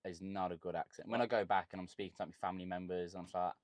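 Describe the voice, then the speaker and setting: Here the young Birmingham-born cigar content creator chats casually as a podcast guest, a blunt, joking and lively storyteller with his city's accent. The voice is low and racing, captured dry.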